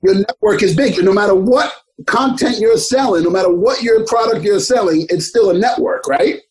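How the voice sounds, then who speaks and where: A man's voice: high voice, normal speed, rough recording. A middle-aged man from the Bronx with a New York accent, telling rambling, swear-laden stories as an interview guest. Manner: rambling, streetwise, swears freely, acts out others' voices. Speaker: actor, guest. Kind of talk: casual storytelling interview.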